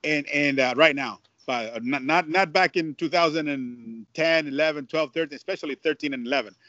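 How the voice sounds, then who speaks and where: Man, broadcaster telling stories in an interview, animated with restarts; dull lo-fi sound. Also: a little high, a little fast, no room sound. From Mexico. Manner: animated storyteller, many restarts and repeats. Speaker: Spanish-language baseball broadcaster. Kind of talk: casual storytelling interview.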